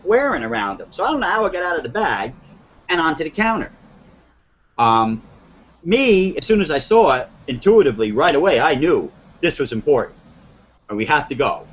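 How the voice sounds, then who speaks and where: A man's voice: sits high, slightly rough, highs cut off. A man from northern New Jersey telling his story on a live stream, earnest and rambling, acting out quoted dialogue with many restarts.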